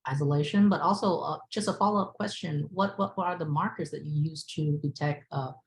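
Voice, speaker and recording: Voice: medium pitch, a little fast, rough recording. An audience member asking a long, hesitant question with many fillers and repeated words.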